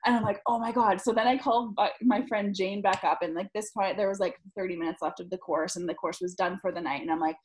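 A young woman podcast host telling a story in casual chat, animated, laughing often and peppering her talk with "like". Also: medium pitch, quick pace, few pauses, poor audio. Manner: animated, laughing, lots of "like", swears freely.

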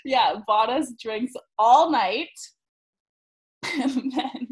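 A young woman hosts a podcast, telling a story in a lively, casual way. Her voice sits a little high, and she laughs often and fills her talk with "like" and the odd curse. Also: extremely slow, low-quality recording. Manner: animated, laughing, lots of "like", swears freely. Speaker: podcast host.

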